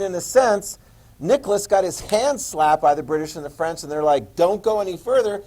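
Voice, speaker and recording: A man teaching a history class, quizzing students with questions and joking asides in an animated lecture. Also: high voice, poor audio.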